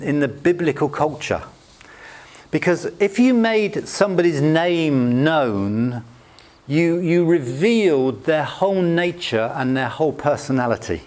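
A British man delivers a sermon in a relaxed, conversational style. He tells anecdotes and pokes fun at himself. His voice sits slightly above the usual male range. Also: fairly high pitch. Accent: British English. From Britain. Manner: conversational, anecdotal preaching with self-deprecating humor. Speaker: preacher.

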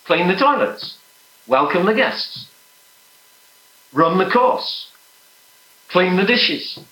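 A man preaching a sermon, earnest and emphatic, sometimes dropping to soft, hushed prayer. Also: high voice, sing-song, takes it slowly, reverberant, low-quality recording.

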